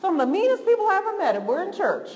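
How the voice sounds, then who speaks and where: A woman leading an informal church lesson, talking in a conversational, repetitive and lively way. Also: extremely high pitch, very fast, big-room sound, highs cut off, slight background noise. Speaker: Bible study teacher. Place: church hall.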